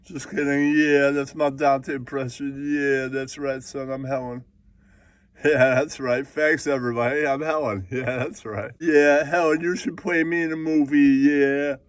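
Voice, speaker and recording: A man's voice: medium pitch, flat delivery, measured pace, no echo, far from the mic, natural voice. A man voicing a brash, boastful character who dreams of Hollywood and keeps repeating catchphrases. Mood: cocky. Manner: cocky catchphrase-repeating swagger.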